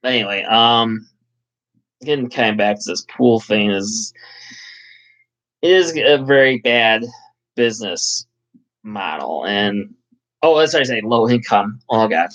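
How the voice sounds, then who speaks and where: A man's voice: lowish voice, lively intonation, slow pace, long pauses, fairly bright tone, poor audio. A man hosting a casual live chat, rambling and swearing, with lots of fillers. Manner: rambling, profane, full of fillers. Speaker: channel host.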